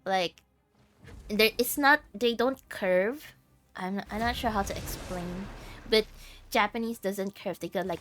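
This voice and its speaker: A woman's voice: mid-range voice, measured pace, a bit bright, soft background music. A woman from the Philippines with a Filipino accent, streaming games and chatting casually, often breaking into giggles as she tells stories. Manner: giggly storytelling, laughs often. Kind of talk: casual chat while gaming.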